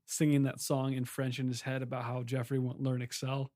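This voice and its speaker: A man's voice: medium pitch, monotone, brisk, a little mellow, no room sound, clean studio sound. A man co-hosting a comedy podcast, chatting casually, rambling through stories and giggling often. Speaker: podcast co-host.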